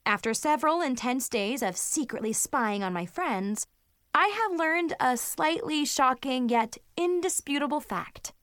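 A woman's voice: high voice, a bit bright, no room sound, clean studio sound, exaggerated voice. A woman narrating an audiobook as a chatty, dramatic teenage girl diarist, gushing and melodramatic with playful asides. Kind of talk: audiobook narration in first person.

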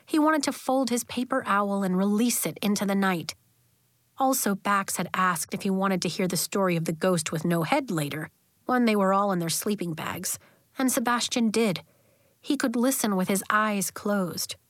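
A woman narrating a children's novel as an audiobook in a gentle, even storytelling manner. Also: mid-range voice, normal speed, no room sound, studio quality.

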